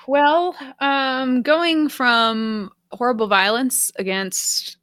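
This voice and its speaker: A woman co-hosting a podcast, with a bright, ringing voice. She talks casually and makes her sarcasm obvious. The sound is close and dry. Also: sits high, fairly even intonation, very slow, clean tone, dry recording. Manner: sarcastic, blunt. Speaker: podcast co-host.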